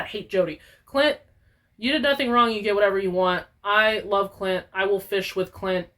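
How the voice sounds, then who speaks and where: A young woman talks straight to her viewers in a casual gaming vlog. Her voice sits at an ordinary middle pitch. She rants with big exaggeration and curses freely. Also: normal speed. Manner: profane, animated, exaggerated ranting. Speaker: gaming YouTuber.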